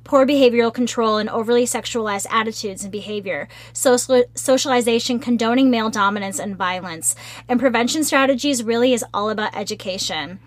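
Woman co-host, earnest, reads notes aloud, fairly high voice, dry close sound. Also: a little fast, dry recording. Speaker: podcast co-host. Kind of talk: casual podcast discussion.

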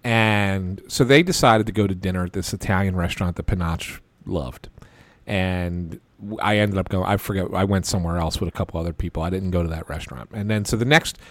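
Man telling a lively story, dry sound. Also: fairly low pitch, no room sound. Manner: animated anecdote-telling with many restarts and quoted voices. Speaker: podcast host. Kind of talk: casual storytelling.

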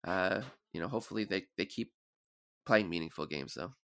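A man's voice: low-pitched, a little fast, vocal fry, fairly bright tone, clean tone. A man chatting as a guest on a casual sports podcast, rambling and stumbling over repeated words.

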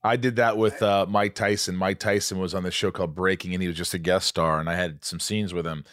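Low-voiced guy hosting a podcast, swears a lot, gets all worked up, dry close sound. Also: a little fast, no echo. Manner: excitable and heavily profane. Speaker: podcast host. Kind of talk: casual chat.

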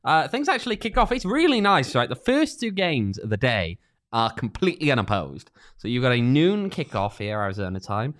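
A man co-hosts a relaxed soccer preview podcast, his pitch swinging up and down as he chats. He runs through fixtures with dry, sarcastic asides. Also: brisk. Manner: chatty, lively, dry sarcasm. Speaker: podcast co-host. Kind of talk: casual soccer preview chat.

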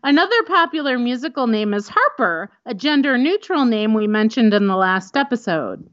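Brief: woman co-host with a lively voice, wry and teasing, on a slightly muffled mic. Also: on the high side, normal speed. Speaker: podcast co-host. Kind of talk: casual podcast chat.

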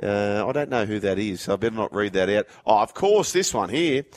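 A man hosts a casual sports radio show. He reads out listener messages and phone numbers in a fairly low voice. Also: expressive, brisk. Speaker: radio host.

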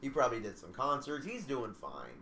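Young male co-host, crude and animated, lively pitch, echoey room. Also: a little fast. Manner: animated, profane and joking. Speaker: podcast co-host. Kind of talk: casual crude banter. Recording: roomy echo.

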